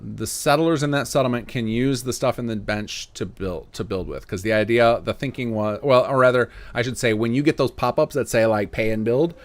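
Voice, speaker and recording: A man's voice: medium pitch, brisk, few pauses. A man in his thirties chatting casually on a livestream, answering viewer questions in a rambling way with many fillers and restarts. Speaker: mod developer and streamer.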